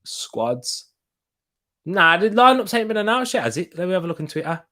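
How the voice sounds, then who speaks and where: Excitable young man streaming football. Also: high-pitched, moderate pace. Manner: excitable, reacting loudly to chances. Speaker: football watch-along streamer. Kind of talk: live match watch-along commentary.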